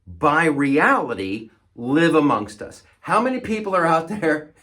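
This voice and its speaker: A man's voice: on the high side, sing-song, unhurried, bright, forceful tone. Sarcastic stammering male comedian. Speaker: comedian host. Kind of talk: comedic monologue.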